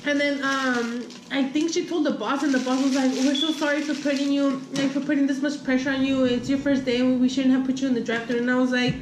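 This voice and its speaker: Young woman, high voice, casual rambling storytime, lots of fillers and cursing, echoey room. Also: steady tone, fairly quick, few pauses. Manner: rambling, filler-heavy, frequent swearing. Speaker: vlogger. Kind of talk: casual storytime chat while eating. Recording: echoey room, faint background hum.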